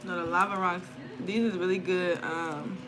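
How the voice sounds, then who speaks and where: A woman with a lowish voice reads tarot on a home livestream, keeping her intonation fairly even and her pace moderate. She's a spiritual content creator who talks to viewers casually, slangy and loose, with plenty of swearing. She sits indoors near an open window, and sounds from outside come through.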